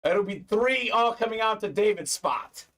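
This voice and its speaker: Excitable high-voiced man hosting a live break. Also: normal speed. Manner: excitable, hyping up buyers, reads chat aloud. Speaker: live sports card break host. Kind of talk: live stream commentary. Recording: distant mic.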